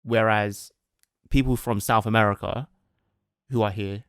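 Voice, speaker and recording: A young man chats loosely on a podcast and keeps checking that he is being followed. His voice is on the low side. The sound is close and dry. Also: fairly even intonation, unhurried, clear, resonant tone, no echo. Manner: chatty, asks "do you know what I mean". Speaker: podcast co-host. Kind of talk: casual chat.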